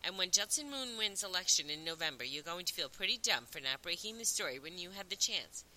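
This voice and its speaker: A smooth-talking twelve-year-old boy, as a woman reads him, polite, earnest and persuasive. The voice is bright and lively, rising and falling as he makes his case. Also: lowish voice, a little fast, poor audio. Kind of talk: audiobook reading.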